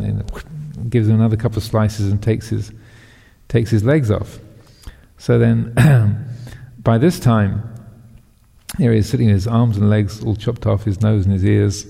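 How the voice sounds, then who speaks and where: A man telling a teaching story in a halting way, full of fillers, with a wry tone. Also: on the low side, flat delivery, gravelly, dark tone. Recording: long hall reverb.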